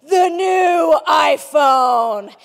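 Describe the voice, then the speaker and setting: A woman's voice: high-pitched, animated, drawn-out words, creaky, shouting, exaggerated voice. A woman doing a showy, theatrical impression of a male tech boss unveiling a new phone on stage. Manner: grand, theatrical announcing. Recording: long hall reverb.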